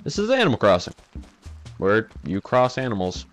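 A man's voice: fairly low pitch, huge pitch swings, normal speed, soft background music. A man giving casual, self-mocking commentary over a video game, laughing often at his own mishaps. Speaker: let's play commentator.

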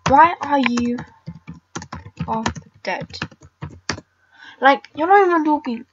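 A woman's voice: high-pitched, lively intonation, slow, dull audio, noisy background. A teenage girl chatting casually over her game recording, rambling and blunt with lots of filler words. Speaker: gamer vlogger.

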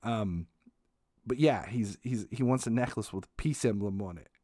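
A man with a low-pitched voice hosts a podcast and tells a comic story about his family. He speaks casually and with energy, swearing freely, restarting his sentences and laughing through the funny parts. The sound is dry and close to the mic. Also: dry recording. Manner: animated, swearing, frequent restarts, quick to laugh. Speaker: podcast host.

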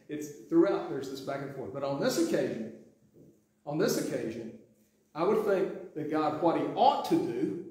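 A man's voice: a little high, lively intonation, unhurried, darkish tone. A man preaching a sermon as pastor, talking conversationally with many restarts and acting out the quotes he reads. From Sweetwater. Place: church sanctuary. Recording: very echoey sanctuary.

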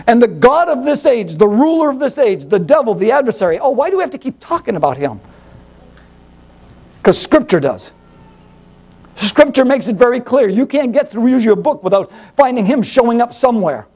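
A male pastor preaching a sermon in an animated, rhetorical way, firing questions at the congregation. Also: very high-pitched, brisk.

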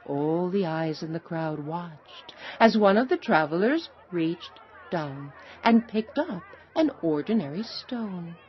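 Female storybook narrator, slow and lively in pitch, on a slightly dull recording. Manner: expressive, unhurried storytelling.

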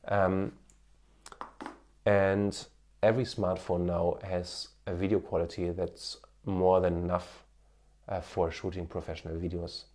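A man's voice: low voice, mellow. A man in his thirties with a German accent, slightly tinged with Indian, giving earnest, encouraging advice to camera, with many fillers. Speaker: marketing coach, former TV cameraman. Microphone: smartphone with an external microphone.

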